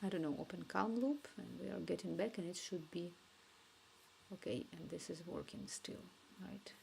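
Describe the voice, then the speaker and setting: A woman streaming herself coding, thinking aloud and dictating requests haltingly into a cheap microphone at home. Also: lowish voice, vocal fry, a little mellow, slight background noise.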